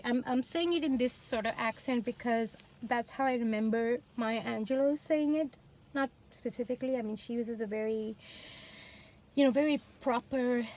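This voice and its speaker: Middle-aged woman with an Indian accent, book vlogger chatting casually and drifting into tangents, in a slightly high voice. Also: darkish tone, a little hiss or hum, low-quality recording. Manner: rambling, chatty, full of fillers and tangents. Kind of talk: casual chat.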